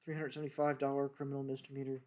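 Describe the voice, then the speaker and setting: A man's voice: medium pitch, completely flat delivery, racing, dark tone. An older American man, a former federal wildlife agent, casually telling rambling stories from his career and acting out the dialogue. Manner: rambling, acts out dialogue in quoted voices. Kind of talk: casual storytelling monologue.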